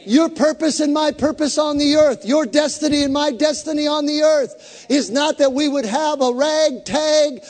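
A man's voice: very high-pitched, moderate pace, darkish tone. A man preaching a sermon as pastor, fervent and leading the congregation in call and response. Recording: long hall reverb.

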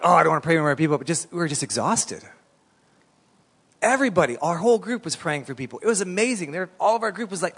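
A middle-aged man preaching a sermon as a pastor, telling stories in an animated, conversational way. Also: a little high. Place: church hall. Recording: long reverb in a church hall.

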